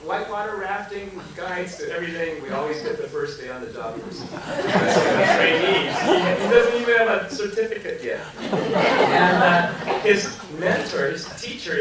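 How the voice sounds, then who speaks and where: A man telling a humorous personal story to a live audience, animated and laughing often, acting out what people said. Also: fairly high pitch. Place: large echoey hall with a live audience. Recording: echoey hall from far off, audience audible.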